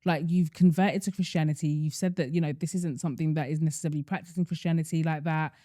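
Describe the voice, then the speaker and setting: A woman's voice: deep voice, quick pace. A young woman co-hosting a podcast in casual chat, easygoing, with dry asides. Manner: easygoing, backs up her co-host with steady agreement and dry asides. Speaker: podcast co-host.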